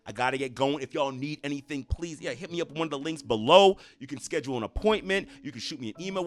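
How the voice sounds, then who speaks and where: Looking into the camera, a man with a slightly high, somewhat bright voice delivers motivational relationship advice as a coach. He's earnest and emphatic, restating points to drive them home.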